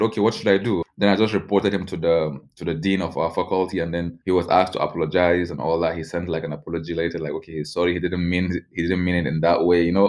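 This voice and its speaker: A man's voice: low-pitched, darkish tone. A young man with a Nigerian accent, a journalist, recounting his experiences casually with lots of "like" and restarts. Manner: loose, full of "like" and restarts. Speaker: journalist interviewee. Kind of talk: casual personal storytelling.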